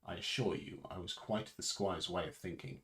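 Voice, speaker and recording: A man's voice: moderate pace, gravelly. A man reading a novel aloud for a charity stream, with occasional stumbles and restarts, lifting his voice for quoted dialogue. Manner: unpolished reading with restarts and self-corrections; varies pitch and loudness for dialogue. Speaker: reader.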